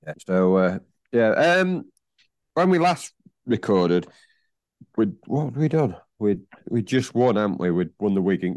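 A man's voice: lowish voice, sing-song, unhurried, darkish tone, no echo. A man co-hosting a casual podcast, rambling and telling stories with animation. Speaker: podcast co-host. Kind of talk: casual chat.

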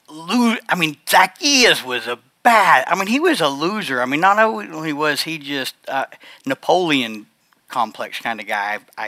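A man giving a heartfelt personal testimony to a congregation, speaking earnestly and haltingly, often restarting his sentences. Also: a little high, pushed and bright, no echo. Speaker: church speaker sharing a testimony.

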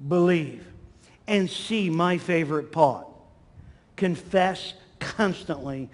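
High-voiced guy preaching a lively sermon, acts out the quotes, big reverb in a church hall. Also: slow. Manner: animated, acts out quotes with swings in pitch and volume.

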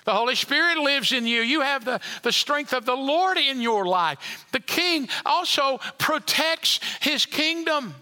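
A male preacher with a high, very bright, piercing voice delivers a sermon in a church. He swings from loud, emphatic passages down to soft, near-whispered line endings. The sound carries a long reverb from the sanctuary. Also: expressive, a little slow. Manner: dynamic preaching, rising loud then dropping to near whisper.

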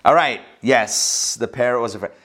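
A man teaching a religious class, telling jokes as an animated, chatty storyteller before turning to the lesson. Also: medium pitch, normal speed.

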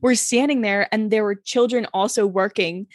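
A woman co-hosting a casual podcast, telling animated stories and laughing often. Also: medium pitch, moderate pace, no echo, clean studio sound. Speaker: podcast co-host. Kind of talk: casual chat. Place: New York area.

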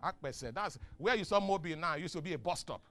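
A middle-aged man with a Nigerian accent preaching a sermon in call-and-response style. He swings from soft asides to shouts and chuckles often. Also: a little high, expressive, quick pace. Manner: chuckles often mid-sentence. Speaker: pastor.

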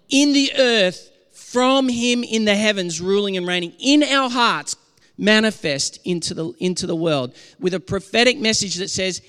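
A man's voice: sits high, unhurried, pushed and bright, smooth, in a large hall. A man preaching a sermon as pastor, earnest and impassioned, often restarting his sentences.

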